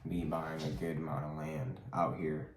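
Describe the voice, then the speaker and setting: A young man with a very deep voice chats easily next to his partner. He keeps his answers short and joking. The room is echoey, with a faint hiss underneath. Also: fairly even intonation, normal speed. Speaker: vlogger's partner. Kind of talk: casual Q&A chat.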